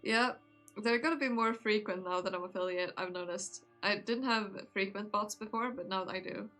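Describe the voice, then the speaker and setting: A sleepy woman streamer chats casually with her viewers while reading a visual novel. Her voice is bright and lively in a giggly, chatty way. Soft music runs faintly behind her. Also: medium pitch, moderate pace. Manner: chatty and giggly, talking to chat. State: sleepy, yawning.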